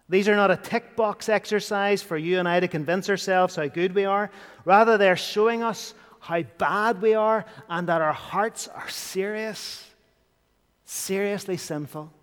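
A man's voice: sits high, clean tone. Earnest preacher man in a reverberant hall. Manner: earnest preaching, dropping to hushed tones for emphasis. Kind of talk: sermon.

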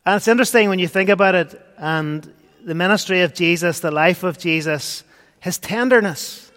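A man preaching a sermon, earnest, swinging between loud and hushed. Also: sits high, normal speed. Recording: long hall reverb.

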